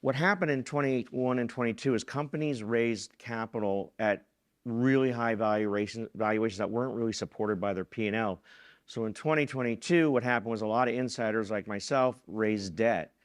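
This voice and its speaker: A man's voice: medium pitch, moderate pace. A middle-aged man giving a conference keynote on a stage, talking casually with fillers and restarts. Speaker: keynote speaker, venture fund president. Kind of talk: conference talk.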